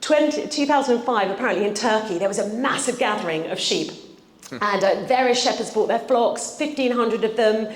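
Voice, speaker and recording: A woman preaching a sermon in a church, telling stories in an earnest way and slowing down to read scripture. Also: fairly high pitch, expressive, crowd noise. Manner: earnest, storytelling, slows for scripture reading. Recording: echoey church room.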